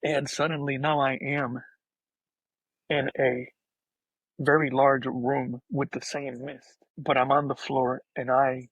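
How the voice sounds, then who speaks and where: A man, a podcast guest, telling an emotional personal story in a soft-spoken, halting way, often restarting his sentences. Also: medium pitch, little pitch movement, husky, no room sound, dull audio.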